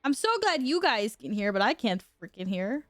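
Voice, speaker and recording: A woman's voice: mid-range voice, sing-song, moderate pace, no echo, clean studio sound. A woman streaming a game, chatting casually with her viewers while she fixes her audio. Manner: flustered, talks to chat while fixing audio. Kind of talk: casual live-stream chat.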